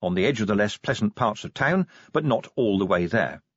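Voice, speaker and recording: A man narrating an audiobook with an expressive, varied delivery. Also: on the low side, a little fast, husky, dry recording. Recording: dull, muffled dry recording.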